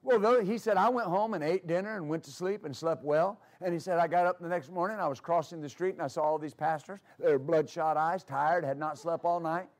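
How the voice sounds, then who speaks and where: A man's voice: on the high side, fairly quick, few pauses. A man preaching a sermon as pastor, with emphatic repetition and storytelling asides.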